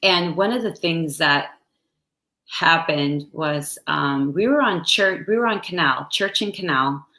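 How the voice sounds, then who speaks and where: Woman interview guest, unhurried and soft-spoken, bright slightly low voice, echoey room. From United States. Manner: slow, soft-spoken and halting. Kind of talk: reflective personal storytelling.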